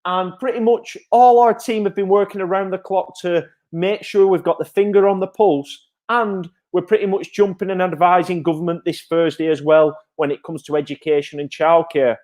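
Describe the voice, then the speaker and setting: A man, a childcare provider giving parents an energetic, reassuring live update. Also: normal speed, hardly any pauses. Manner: energetic, repetitive, upbeat sales-pitch reassurance.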